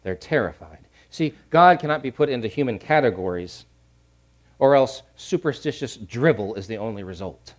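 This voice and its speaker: A middle-aged male pastor preaching a sermon, repeating key phrases and swinging from hushed to loud. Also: medium pitch, animated, moderate pace.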